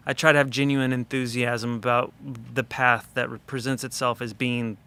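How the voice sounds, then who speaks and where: A man in a studio conversation, a record producer telling an animated, chatty story with lots of fillers. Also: medium pitch, normal speed, clear, resonant tone.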